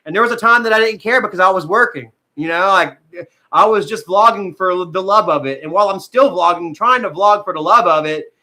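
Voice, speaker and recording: Emotional male streamer, high bright voice, rambling and profane, on the edge of tears. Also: brisk. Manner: rambling, frequent fillers, heavy swearing. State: tearful at times. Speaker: vlogger talking to live viewers. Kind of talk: emotional casual livestream talk.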